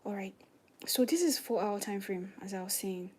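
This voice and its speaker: A woman's voice: medium pitch, lively intonation, moderate pace, a little mellow, husky. A young woman live-streaming forex trading, explaining charts step by step, often dropping to a near-whisper and asking if viewers understand. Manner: chatty, explains step by step, asks "do you understand?". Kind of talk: live trading screen-share commentary.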